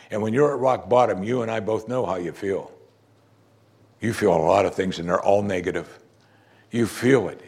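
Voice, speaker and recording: Husky man preaching a sermon. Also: medium pitch. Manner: teaching, rising to emphatic outbursts. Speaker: pastor.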